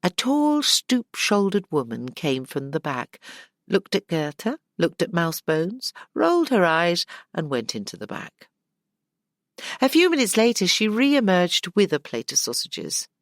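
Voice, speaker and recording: A woman narrating a dark fantasy audiobook, expressive and doing voices for the characters. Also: fairly low pitch, unhurried, no room sound, studio quality. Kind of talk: scripted narration.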